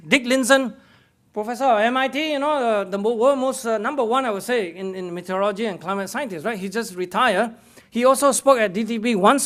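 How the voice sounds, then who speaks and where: A man giving a conference talk, indignant and lively, with frequent fillers and restarts. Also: very high voice. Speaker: invited conference speaker.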